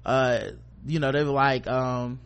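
A man's voice: mid-range voice, level tone, a little slow, clear, resonant tone. A man casually telling a long workplace anecdote on a talk show, cursing freely and acting out what people said. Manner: loose anecdotal telling, acts out quoted voices, curses freely. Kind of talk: casual storytelling chat.

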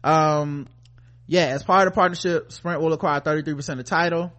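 A man co-hosting a podcast, ranting in a profane, animated, mock-outraged way. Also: on the high side, brisk. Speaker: podcast co-host. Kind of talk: casual comedic rant.

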